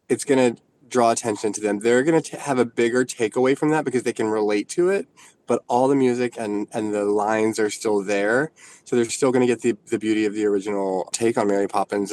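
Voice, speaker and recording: A man's voice: fairly low pitch, a little mellow, slight background noise. A man in his forties, a choreographer being interviewed, speaking earnestly and thoughtfully about his work. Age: 40s. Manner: earnest, thoughtful, restarts sentences. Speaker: choreographer, guest. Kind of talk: casual radio interview.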